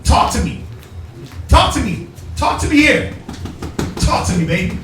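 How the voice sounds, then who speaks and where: A man preaching loudly on the street, calling out scripture readings and mocking in put-on voices. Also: very high voice, big pitch swings, a little slow, soft background music. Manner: loud, forceful, calls for verses and mocks in put-on voices. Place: outdoors on a street. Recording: echoey, from far off, faint noise.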